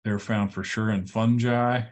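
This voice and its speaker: A man lecturing a college class, relaxed and explanatory, with frequent ums and checks like "all right?". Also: lowish voice, measured pace. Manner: relaxed, repeats words, many ums and okays. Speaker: college instructor.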